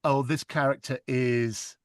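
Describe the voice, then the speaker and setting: A man's voice: medium pitch, fairly even intonation, measured pace, clean tone, no echo, studio quality. A man, an audiobook narrator talking in an interview, earnest and reflective, thinking aloud with small restarts. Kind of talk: casual interview chat.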